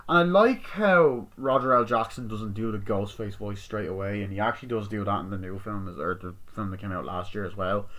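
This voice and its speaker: A man's voice: fairly low pitch, fairly quick, few pauses, fairly bright tone. A man giving a casual, rambling movie review, swearing often as he retells scenes. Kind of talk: casual spoken film review.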